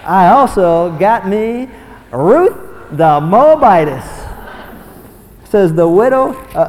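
Young man, pastor, sermon, animated delivery, slightly high voice, long hall echo. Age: young adult. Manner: animated, swings between low asides and shouted excitement.

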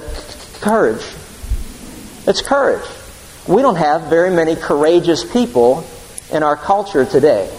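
A man delivers an earnest sermon, weaving in a story and acting out the lines of its characters. His voice sits a little high for a man. It rings with the long reverb of a large hall. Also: a little mellow. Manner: storytelling with voiced quotes, earnest, restarts words. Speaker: preacher.

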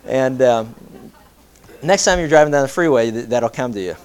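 A middle-aged man preaching a sermon, animated, with jokey asides and rhetorical questions. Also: medium pitch, normal speed, a little hiss or hum. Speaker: pastor.

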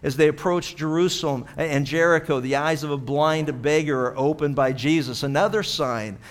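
A man's voice: on the high side, moderate pace. A man from Pittsburgh, a pastor, telling a story in a chatty sermon full of "you know" asides.

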